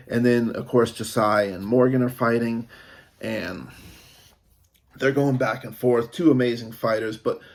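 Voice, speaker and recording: A man's voice: mid-range voice, measured pace, vocal fry. A man giving a casual, rambling review of a TV episode, with many fillers and restarts.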